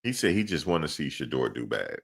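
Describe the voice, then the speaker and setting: A man's voice: extremely low pitch, sing-song, a little fast, vocal fry, slightly rough. A man co-hosting a sports podcast in casual chat, slangy and laughing often.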